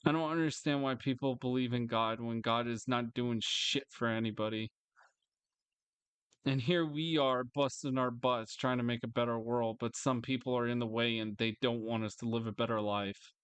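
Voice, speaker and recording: A frustrated man in a solo vlog rant, swearing freely and circling back over the same complaints. His voice is smooth and clear, middle in pitch, recorded close and dry with no room sound. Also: fairly even intonation, moderate pace, a bit bright, no room sound. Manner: bursts into higher mocking voices. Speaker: vlogger. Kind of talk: angry ranting monologue.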